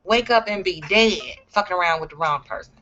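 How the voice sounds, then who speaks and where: A woman's voice: fairly low pitch, a little fast, bright, forceful tone, dull audio, slight background noise. A woman talking straight to camera in a blunt, profane, emphatic rant. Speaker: vlogger. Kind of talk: ranting vlog monologue.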